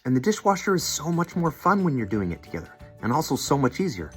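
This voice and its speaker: In this instructional video with classroom role-play, a man trains seminary teachers, showing in a friendly way how to question students. His voice sits on the high side and has a sing-song lilt, he talks fast, and faint music plays behind him.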